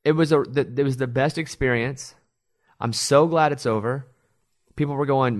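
A middle-aged man hosting a radio show, telling stories in a loose, animated way. He slips into other people's voices when he quotes them, in a middle-range pitch. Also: normal speed. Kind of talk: casual chat.

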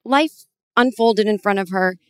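A woman in her forties hosting a podcast, telling a long personal story in a rambling, animated way with many restarts. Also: mid-range voice, unhurried, smooth, no room sound, clean studio sound. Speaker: podcast host. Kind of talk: conversational interview.

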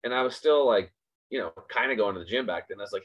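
A male host delivers a casual motivational talk in an emphatic way, driving each point home by repeating it. His voice sits at an ordinary pitch for a man. The recording sounds a bit dull and lo-fi. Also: lively intonation, fast talker.

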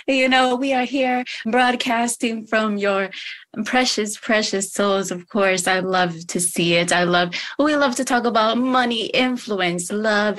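A woman's voice: medium pitch, fairly bright tone. A woman doing an improvised impression of a gushing psychic-magician influencer with over-sweet patter.

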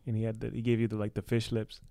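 A man hosting a casual podcast chat, cracking jokes and teasing in quick banter. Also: fairly low pitch, monotone, mellow, no echo. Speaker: podcast host.

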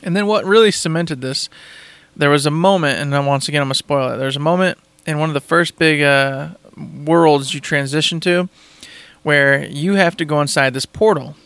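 A man's voice: a little high, moderate pace, a bit bright, smooth, no echo. A man in casual chat, raving about a game in an enthusiastic, rambling way and repeating himself.

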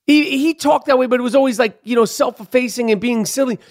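Male sports host, high-pitched, profane and emphatic, scolds players directly. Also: quick pace. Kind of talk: opinionated sports rant.

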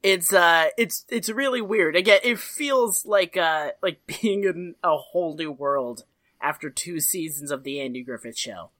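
A woman's voice: lowish voice, unhurried, fairly bright tone, no echo. A woman co-hosting a podcast in casual chat, joking and laughing often as she recaps an old TV show. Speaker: podcast co-host.

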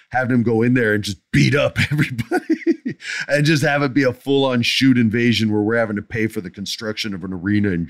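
A man's voice: mid-range voice, no echo, clean studio sound. A middle-aged man hosting a podcast, answering listener questions in blunt, emphatic casual chat that drifts into jokes.

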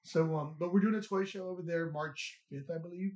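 A man's voice: a little high, steady tone, a little fast, a little mellow. A man, a toy shop owner, chatting casually and rambling with laughs in an echoey store. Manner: laid-back, laughing, rambling with restarts. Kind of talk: casual interview chat. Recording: roomy echo, dull lo-fi sound.

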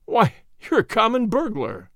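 A big, oily swindler in an audiobook, his voice pitched high and swinging widely between soothing and sneering, as a male reader puts him on. The sound is close and dry. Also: huge pitch swings, a little slow, a bit bright, no echo, heavily acted. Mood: jeering. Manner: oily, mocking. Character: burly unctuous swindler, smooth then sneering.

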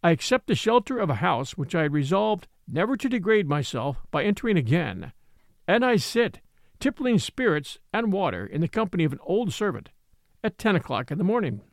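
A man narrating a classic novel in the first person, expressive and wry. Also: high voice, brisk, no echo, studio quality. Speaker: audiobook narrator. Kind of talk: scripted narration.

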